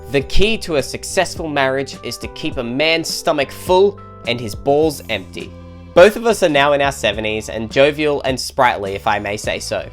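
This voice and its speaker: A man co-hosting a comedy show, reading online posts aloud in a casual way, with laughs and jokey asides. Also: mid-range voice. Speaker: co-host reading online stories.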